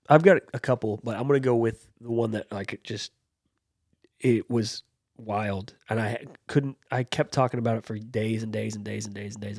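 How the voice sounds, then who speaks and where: A man's voice: medium pitch, creaky, a little mellow, dry recording. A man co-hosting a podcast, telling a story in casual chat with lots of fillers and restarts, close to his mic. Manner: rambling, full of fillers and restarts. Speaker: podcast co-host.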